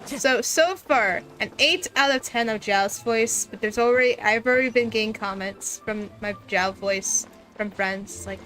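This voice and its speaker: A woman's voice: on the high side, unhurried, a bit bright, faint music behind. A woman streamer with a light soprano voice, chatting casually and giggling while she plays. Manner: chatty, giggly, lots of restarts. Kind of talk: casual livestream chat while gaming.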